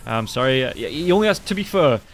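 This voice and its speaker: Casting note: male esports caster, rapid play-by-play, easy banter, faint background ambience. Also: sits high, slight background noise. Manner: quick, rising to excited calls in fights.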